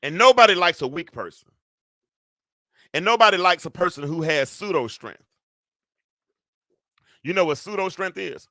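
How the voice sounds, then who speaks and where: A man's voice: high-pitched, lively intonation, normal speed, pauses often, pushed and bright, no echo, studio quality. A middle-aged man hosting a solo talk show in a preachy, joking way, speaking straight to his audience and calling for amens. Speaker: host.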